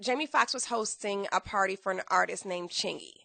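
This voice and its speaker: A woman guest telling her story in a podcast interview, acting out quotes with big jumps in pitch and bursts of laughter. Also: a little fast, vocal fry, bright, forceful tone, no room sound.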